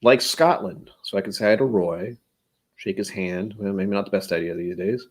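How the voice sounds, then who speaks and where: A man's voice: on the low side, moderate pace. A man hosting his own vlog, rambling through casual solo musings with self-deprecating humor. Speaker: vlog host.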